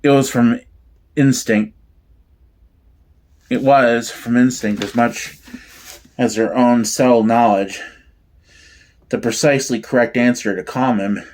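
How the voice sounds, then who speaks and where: Slow halting man reading aloud. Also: medium pitch, fairly even intonation, a little mellow. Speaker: audiobook reader. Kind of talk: amateur audiobook narration.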